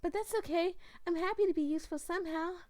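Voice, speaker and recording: A woman voicing a timid young female clown who is sad and frightened, with a soft, eager-to-please manner that hides her hurt behind cheer. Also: very high voice, fast talker, pitched above the performer's own voice. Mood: forced cheer.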